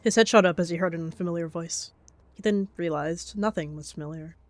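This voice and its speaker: A woman calmly narrating a game role-play as a story. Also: fairly low pitch, fairly quick, no room sound.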